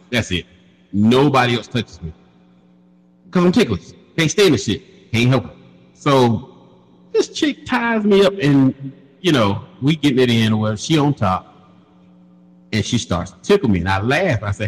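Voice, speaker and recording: Crude animated man in a reverberant room. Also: on the low side. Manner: crude, animated storytelling with laughs. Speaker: podcast co-host. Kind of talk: casual storytelling chat.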